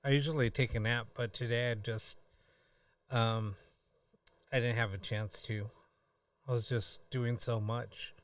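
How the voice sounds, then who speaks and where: A tired man hosting a live stream, chatting casually in a halting way with many pauses and fillers. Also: medium pitch, steady tone, no room sound, far from the mic. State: tired, yawning.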